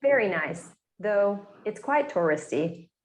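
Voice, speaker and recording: An actress voices an easygoing woman just back from a trip, in a scripted course-book dialogue. Her delivery is plain and matter-of-fact, at an ordinary middle pitch. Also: expressive, slow pace, reverberant.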